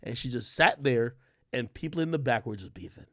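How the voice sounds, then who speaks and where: A man's voice: medium pitch, fairly quick, no echo, clean studio sound. A man giving blunt, profane reaction commentary to an interview clip, talking straight to his viewers.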